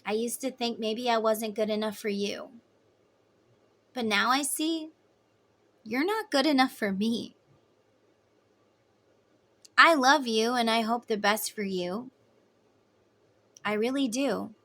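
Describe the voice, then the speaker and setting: A woman gives a casual tarot reading in a voice that sits a little high. She talks in an emphatic, chatty way. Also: takes it slowly, long pauses, a bit bright. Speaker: tarot reader.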